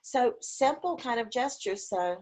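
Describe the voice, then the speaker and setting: A woman's voice: fairly high pitch, expressive, unhurried, a little mellow. A woman giving an informal conference talk on caregiving over a video call, chatty with frequent fillers and demonstrating voice examples as she goes.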